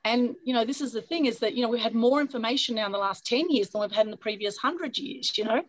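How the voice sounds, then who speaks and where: A woman with a husky voice hosting an online meetup, energetic and coaxing, often adding "right?" over a video call. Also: a little high, quick pace, low-quality recording. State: husky from a recent flu. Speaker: meetup host. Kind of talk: upbeat motivational talk on a video call.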